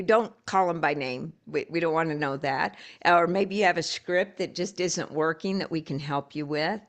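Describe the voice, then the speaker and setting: A woman with a low, gravelly voice leads a live coaching call. She talks in a loose, storytelling way and often restarts her sentences. She sounds like she is speaking into a video call. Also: fairly bright tone. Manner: storytelling, encouraging, conversational with restarts.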